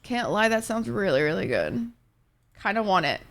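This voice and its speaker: A woman's voice: medium pitch, very animated, normal speed. A woman streaming live and chatting casually with her viewers, rambling laid-back and swearing freely as she answers chat messages. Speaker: Twitch streamer.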